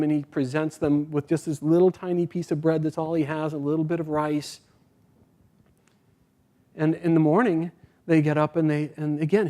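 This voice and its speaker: A man giving a sermon, telling a spiritual parable in a gentle storytelling manner, his phrase endings trailing off softly. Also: on the high side. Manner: voices the characters in dialogue. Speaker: speaker at a spiritual community.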